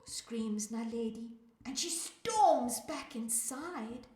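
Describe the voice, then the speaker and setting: A woman's voice: on the high side, expressive, slow, darkish tone, echoey room. A woman from South Africa, a children's music teacher, reading a rhyming story aloud in a sing-song way and calling out to young listeners.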